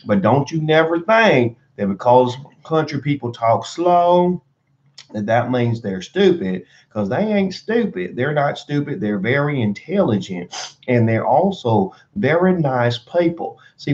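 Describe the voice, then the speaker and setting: A man voicing a folksy, slow-talking Southern country man with a country drawl. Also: medium pitch, sing-song, a little mellow, dull audio, voice pushed up. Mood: earnest folksy.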